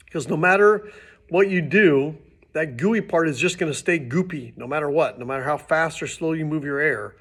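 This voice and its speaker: A man teaching beginning trumpet, his voice sitting a little higher than most men's. He explains patiently and casually, now and then restarting a phrase as he demonstrates. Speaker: music teacher. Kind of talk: instructional demonstration.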